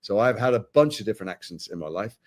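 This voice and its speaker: British actor guy, middle-aged, talks super fast, lively storyteller in an interview. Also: on the low side. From Britain. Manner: animated storyteller, quick with asides. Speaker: actor guest. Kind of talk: casual interview chat.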